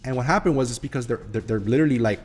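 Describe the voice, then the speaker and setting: A quick-talking man hosts a screen-share review of a construction bidding platform. He talks casually and rambles, breaking off into sales pitches and side remarks. His pitch sits in an ordinary middle range. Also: darkish tone. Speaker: construction business coach and channel host.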